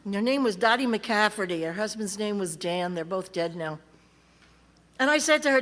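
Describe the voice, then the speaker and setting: A woman's voice: medium pitch, expressive, a little fast, a bit bright. A woman from California telling her recovery story to a convention audience, blunt and wry, acting out the voices of people she quotes. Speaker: recovery meeting speaker. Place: large convention hall. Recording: reverberant convention hall.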